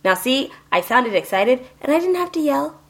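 A woman's voice: sits high, sing-song, normal speed, husky. A woman hosting a podcast in casual banter, joking and directing her co-hosts. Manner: bossy, joking, directs the takes. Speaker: podcast host.

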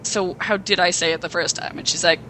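A young woman co-hosting a podcast, excitedly rambling through a plot retelling with acted quotes. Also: on the low side, brisk, slight background noise, poor audio. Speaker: podcast co-host. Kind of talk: casual chat.

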